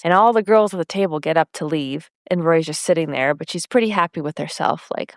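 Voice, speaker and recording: A woman's voice: on the low side, fairly quick, hardly any pauses, no room sound, studio quality. A woman co-hosting a podcast, casually recapping a TV episode and briefly acting out the characters' lines. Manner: retells scenes, briefly imitating characters' lines. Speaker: podcast co-host.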